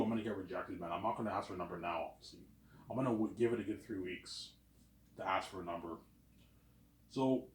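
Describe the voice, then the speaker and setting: A man's voice: lowish voice, darkish tone. Rambling man in an echoey room. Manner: repeats "obviously" and "man", chatty and self-assured. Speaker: vlogger. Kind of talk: casual rambling monologue. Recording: roomy echo.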